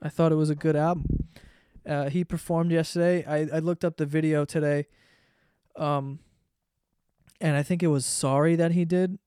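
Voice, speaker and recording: Smooth-voiced man ranting profanely. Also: a little high, fairly even intonation, moderate pace, long pauses, warm tone, no echo, studio quality. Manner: profane, sarcastic, rambling. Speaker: podcast host. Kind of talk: casual comedic rant.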